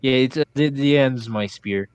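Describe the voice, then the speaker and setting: Tabletop player, man, smooth clear voice, close dry sound, hesitant and understated. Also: mid-range voice, normal speed, no room sound, highs cut off. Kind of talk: casual tabletop game play.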